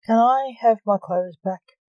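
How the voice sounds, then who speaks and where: A woman's voice: a little high, a little slow, no echo, lo-fi sound, pitched above the performer's own voice, close to an everyday voice. A woman voicing a wisecracking young man held captive, joking dryly in a slightly raised voice. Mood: sardonic. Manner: sarcastic, dry jokes.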